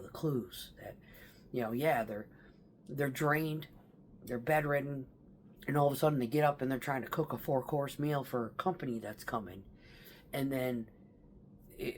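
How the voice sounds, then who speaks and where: A woman's voice: rumbling low, slight background noise. Woman telling a grieving family story. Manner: emotional, rambling, swears casually. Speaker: vlogger. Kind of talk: casual personal storytelling.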